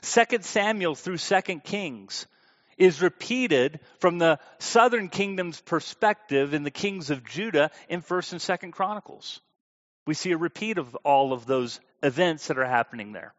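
A man delivers a sermon in a relaxed, conversational tone. He stresses his points and puts questions to the audience. His voice sits a little high, and the recording sounds dull and lo-fi. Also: moderate pace. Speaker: preacher teaching a Bible class.

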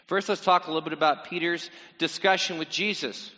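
A man's voice: a little high, fairly even intonation, fairly quick, hardly any pauses, pushed and bright. A man preaching a sermon in a casual, teasing way, talking straight to his congregation. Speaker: pastor. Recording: dull sound in a reverberant hall.

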